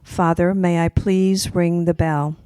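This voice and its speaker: A woman's voice: fairly low pitch, takes it slowly, smooth, no echo. A woman voicing an eager, pleading little boy of about five as she reads her story aloud. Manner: pleading, excited.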